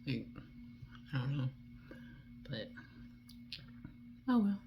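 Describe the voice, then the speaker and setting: A woman from D.C. with a D.C. accent, chatting casually and rambling while she does her makeup, with soft muttered asides. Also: very deep voice, sing-song, drawn-out words, gravelly, highs cut off, noisy background. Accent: Washington, D.C. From Washington, D.C. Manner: rambling, chatty, drifts off topic. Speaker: beauty vlogger.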